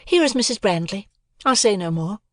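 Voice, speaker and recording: A woman's voice: medium pitch, expressive, fairly quick, no room sound, studio quality, voice pushed up, close to an everyday voice. An audiobook reader voicing a proud, aloof young woman who speaks in a cool, cutting, matter-of-fact way. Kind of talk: audiobook character voice.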